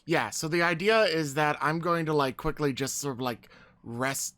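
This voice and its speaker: Brash bright-voiced man at a game table. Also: fairly high pitch, normal speed, no room sound. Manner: brash, teasing, swears. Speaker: player. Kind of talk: casual tabletop play.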